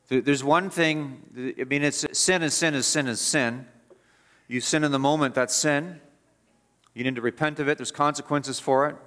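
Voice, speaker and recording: A man preaching a sermon as pastor, emphatic and repetitive, building up and then dropping low. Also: sharp tone. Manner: emphatic, repetitive preaching with rising and falling intensity. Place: church.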